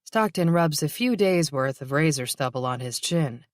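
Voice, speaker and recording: A woman narrating a novel in a steady, even reading voice. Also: deep voice, moderate pace, no echo, studio quality. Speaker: audiobook narrator. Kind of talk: scripted narration.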